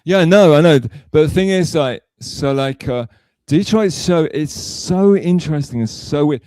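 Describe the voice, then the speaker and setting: Guy hosting a stream, swoopy pitch, says darling a lot, dry sound. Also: expressive, measured pace, darkish tone, dry recording. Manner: chatty, calls people darling, lots of fillers. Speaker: streamer host. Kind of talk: casual stream chat.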